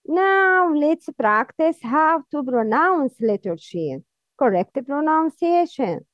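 A high-voiced woman, a Quran recitation teacher, gives a slow, patient pronunciation lesson in a sing-song manner, sounding out each letter repeatedly and then contrasting wrong versions with correct ones. The recording is dry and slightly dull, with no echo.

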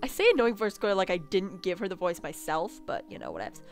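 A woman's voice: fairly low pitch, big pitch swings, brisk, soft background music. A young woman casually commenting on a game she is playing, crude and giggly, muttering asides into a close mic. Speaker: gaming video host. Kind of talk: casual let's-play commentary.

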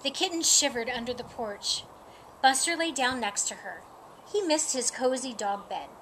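A woman reading a children's picture book aloud in a slow, expressive, sing-song way. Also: high-pitched, slight background noise. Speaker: storybook reader.

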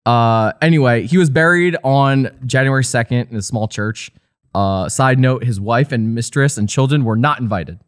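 A man's voice: mid-range voice, normal speed, dry recording, clean studio sound. A man co-hosting a podcast, recounting researched notes in casual chat, laid-back and hesitant with many fillers. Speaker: podcast co-host.

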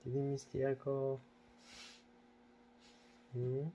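A man's voice: mid-range voice, monotone, drawn-out words, muffled recording, a little hiss or hum. A man at home coaxing his pet bird in repetitive baby talk, asking the same questions over and over. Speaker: pet owner.

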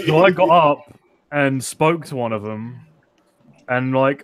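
A man's voice: mid-range voice, slow pace, long pauses, a crowd in the background. Man teasing friends over a story. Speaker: friend on the stream. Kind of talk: casual chat.

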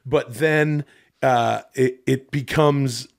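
A man's voice: mid-range voice, steady tone, takes it slowly, gravelly. A man co-hosting a podcast in casual chat, rambling with restarts and swearing. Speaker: podcast co-host.

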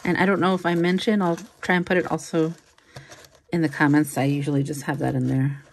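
A woman's voice: low voice, level tone, brisk, creaky. A woman reseller musing aloud in a casual unboxing commentary, chatty and full of little fillers. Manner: chatty, musing aloud, frequent likes and ums. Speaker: jewelry reseller.

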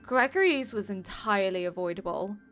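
A woman's voice: mid-range voice, lively intonation, a little fast, a bit bright, faint music behind. A woman gaming streamer reacting to a game's ending, emotional and rambling, with lots of fillers.

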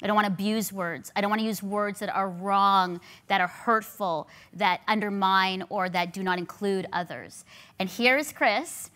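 Woman host in her 40s, bright, ringing tone, animated on-stage chat. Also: mid-range voice, normal speed. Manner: animated, emphatic repetition. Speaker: show host. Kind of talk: casual on-stage conversation. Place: studio stage with live audience.

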